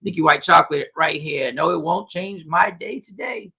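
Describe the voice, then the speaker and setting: A man hosting a casual livestream, commenting on the news and reading viewers' comments aloud, animated and repetitive. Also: on the high side, normal speed, vocal fry, husky. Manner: animated, talks back to chat, repeats himself. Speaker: host.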